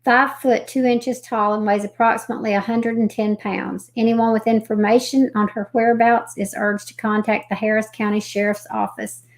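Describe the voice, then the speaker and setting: A woman hosting a live stream, reading missing persons reports aloud haltingly, with folksy chatty asides. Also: a little high, flat delivery. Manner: reads haltingly, stumbling over names and restarting.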